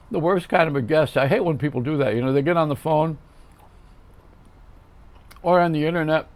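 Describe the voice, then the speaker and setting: An older male host rambles through a comedic monologue, tossing off wisecracks and one-liners as he talks straight to the viewer. His voice sits a little higher than most men's.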